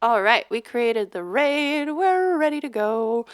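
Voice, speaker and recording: A woman's voice: on the high side, lively intonation, slow, smooth, no room sound. A woman streaming live as a musician, chatting casually with many fillers and restarts. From United States. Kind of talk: casual livestream chat.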